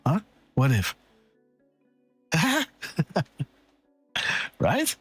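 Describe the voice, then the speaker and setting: A man hosting a live decode show, rambling excitedly and thinking aloud, checking in with "right?" and "okay.". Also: on the high side, very slow, slightly rough, no room sound, faint music behind. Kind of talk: casual live-stream commentary.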